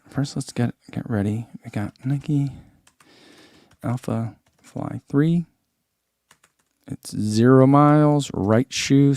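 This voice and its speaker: A man's voice: medium pitch, a little mellow, dry recording. Dry-sounding man chatting through an unboxing. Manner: rambling, thinks aloud with many fillers. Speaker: running shoe reviewer. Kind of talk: casual unboxing chat.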